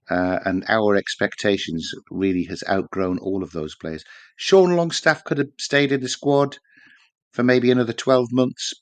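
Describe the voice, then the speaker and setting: A man chats about football in a relaxed, rambling way and drops dry asides. His voice sits fairly low, and the recording is close and dry with no room sound. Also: dry recording. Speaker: podcast co-host. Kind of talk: casual football podcast chat.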